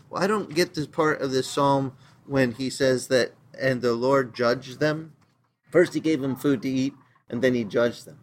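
Animated man preaching a sermon. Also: slight background noise. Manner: animated storytelling, acting out biblical characters in pitched-up voices. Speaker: pastor.

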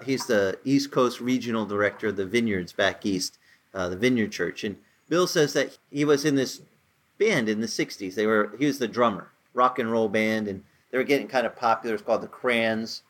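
A man's voice: fairly low pitch, normal speed, a bit bright. A man in his sixties preaching a casual, conversational sermon, telling stories with rising emphasis. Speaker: pastor.

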